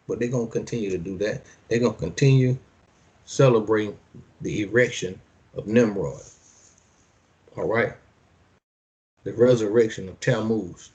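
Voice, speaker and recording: A man with a lowish, somewhat dark voice preaches a sermon, reading verses slowly and solemnly. He then comments in loose, slangy everyday speech, repeating phrases for emphasis.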